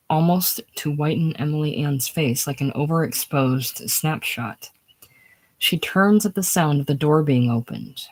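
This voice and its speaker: A reader working through a screenplay's stage directions in a casual, unhurried way. The delivery stays plain and sits at a middling pitch. Now and then it sinks into a whisper.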